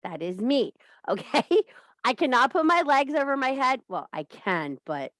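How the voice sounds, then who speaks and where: Lively, bawdy woman hosting a witchy chat. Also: sits high, moderate pace, dry recording. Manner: bawdy, swears freely, laughs often at her own jokes. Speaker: host of a witchcraft and wellness group. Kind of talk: casual spiritual coaching talk.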